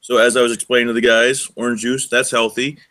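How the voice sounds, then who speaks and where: A man's voice: medium pitch, flat delivery, fast talker, a bit bright. A young man co-hosting a casual live show, joking and rambling through a work story. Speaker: co-host. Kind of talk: casual podcast chat.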